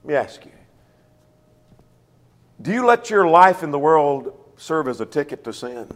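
A man's voice: fairly high pitch, very animated, measured pace, long reverb tail. A man preaching a sermon, firing questions at the congregation and acting out the excuses people make. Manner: questioning, emphatic, acts out quoted excuses.

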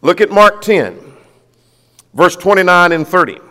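A man's voice: high-pitched, animated, a little slow, bright, forceful tone. Guy preaching a bible lesson, emphatic, tosses out questions, voice jumps all over, echoey hall. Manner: emphatic, rhetorical questions, reads scripture aloud. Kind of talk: sermon, Bible study. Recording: long hall reverb.

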